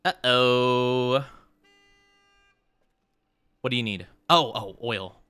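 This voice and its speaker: A man's voice: medium pitch, very slow, sharp tone, clean tone, no room sound. A man streaming a video game live, chatting with his viewers and playfully, flusteredly denying their teasing. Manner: playful, flustered denials when chat teases. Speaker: VTuber streamer. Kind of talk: live gameplay stream commentary, reading chat.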